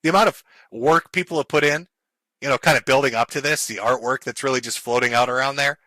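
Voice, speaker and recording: A man's voice: mid-range voice, fast talker, pushed and bright, no echo. A man ranting and mocking on a live stream, swearing and sarcastic.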